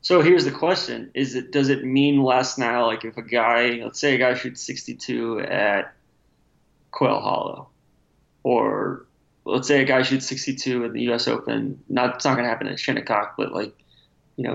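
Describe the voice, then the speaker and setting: A man's voice: medium pitch, fairly even intonation, normal speed, vocal fry. A man co-hosting a casual sports talk podcast, laid-back and rambling with lots of fillers. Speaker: podcast co-host. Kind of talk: casual chat. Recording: dull lo-fi audio.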